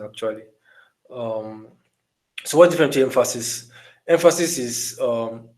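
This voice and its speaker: A man teaching a live online design class over a call, talking in a relaxed way with many fillers and restarts and asking his listeners questions. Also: medium pitch, low-quality recording. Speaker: design instructor.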